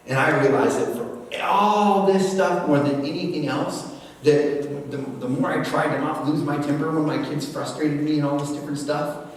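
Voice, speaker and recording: An older man giving a lively church workshop talk, acting out dialogue between a parent and child. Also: fairly high pitch. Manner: animated, acts out parent dialogue. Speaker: speaker. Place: church hall. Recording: echoey hall from far off, faint noise.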